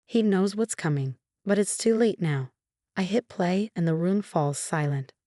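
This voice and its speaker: A woman in her twenties narrating a first-person story in an even, measured reading. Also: lowish voice, no room sound, studio quality. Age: 20s.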